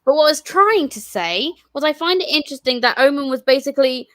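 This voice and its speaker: A woman's voice: sits high, lively intonation, quick pace, a bit bright, no echo. A woman chatting casually over a video call on mobile data, hesitant and swearing casually.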